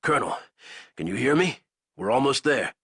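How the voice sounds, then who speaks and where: A man voicing a weary, determined soldier who speaks in short, steady lines with a husky voice. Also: mid-range voice, normal speed, no room sound, clean studio sound.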